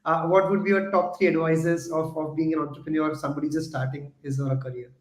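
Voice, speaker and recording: A man hosting an interview, asking questions haltingly and repeating words as he builds them. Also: on the high side, level tone. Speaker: host. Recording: echoey room.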